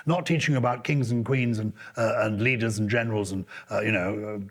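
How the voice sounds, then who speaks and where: A man's voice: on the low side, fairly quick. An older English man, co-host of a podcast, telling a story in casual chat and briefly putting on the voices of other people. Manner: animated anecdote-telling with put-on voices.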